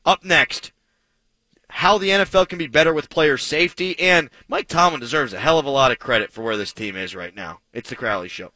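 A man's voice: a little high, a little fast, sharp tone, no room sound, low-quality recording. A man hosting a sports talk radio show, talking in an emphatic, punchy way with self-mocking asides, on a studio microphone.

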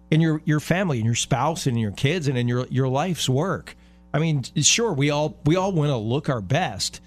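A middle-aged man co-hosting a talk radio show, speaking earnestly and emphatically in a casual way, often restarting his phrases. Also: fairly high pitch.

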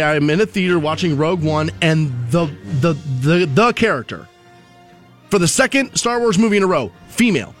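A man's voice: high voice, a bit bright. A man hosting a casual talk show, chatting in a rambling, conversational way with frequent restarts. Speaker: radio show host.

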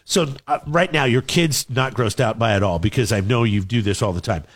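A man's voice: mid-range voice, fairly quick. A man in casual banter as a co-host, teasing and asking probing questions.

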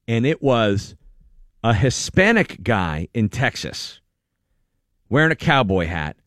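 A man's voice: mid-range voice, takes it slowly, no room sound, studio quality. A man hosting a morning radio show, chatting casually in a wry, joking manner. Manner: animated, wry, breaks into mocking impressions. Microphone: studio microphone.

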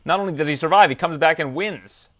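A man hosting a sports podcast, chatting casually and quickly, laughing often. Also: fairly high pitch, fairly bright tone, no echo. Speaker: podcast host.

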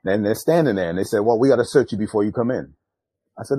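An older man, a retired drug agent, telling a tense undercover story in an interview, profane and animated. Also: fast talker, husky, no echo. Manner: animated, jumps loud and high acting out quotes; profane, street-style speech.

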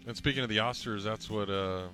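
Lower-voiced male co-host, halting. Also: music in the background. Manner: halting, searches for words. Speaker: radio co-host. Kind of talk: casual sports talk.

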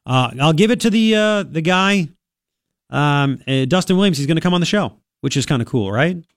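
A man's voice: on the high side, expressive, normal speed, no room sound. A man hosting a radio talk show in a studio, chatty and sarcastic, sniffling from a cold. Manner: sarcastic, chatty, reads news aloud with asides. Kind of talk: casual talk radio commentary. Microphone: studio microphone.

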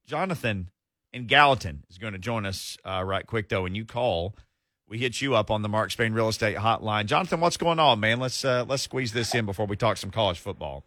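A man's voice: on the low side, lively intonation, fairly quick, bright, forceful tone, no echo, clean studio sound. A man hosting sports talk radio, casual and joking as he sets up guests and callers.

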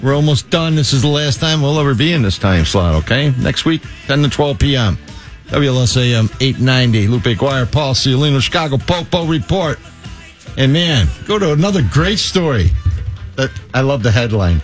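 A man's voice: medium pitch, expressive, moderate pace, faint music behind. A man co-hosting a talk radio show, trading casual banter and hyping up the next segment like a promo. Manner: wisecracking, hypes up segments like a promo. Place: radio studio.

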